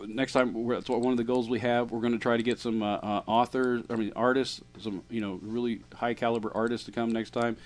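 A man's voice: medium pitch, little pitch movement, fairly quick, hardly any pauses. A man hosting a podcast in casual chat, rambling with restarts and fillers. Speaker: podcast host.

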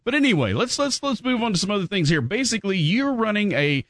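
Male podcast host, medium pitch, chatty and laughing, dry close mic. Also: sing-song, fast, fairly bright tone, no room sound. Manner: chatty, laughs often, many "uh"s. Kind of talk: casual podcast chat.

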